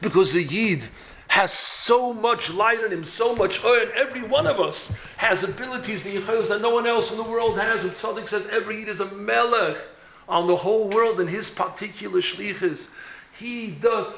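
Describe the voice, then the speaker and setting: A man's voice: high-pitched, moderate pace, vocal fry, fairly bright tone, a little hiss or hum. A man giving an impassioned sermon as a rabbi, building to emphatic peaks. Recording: roomy echo.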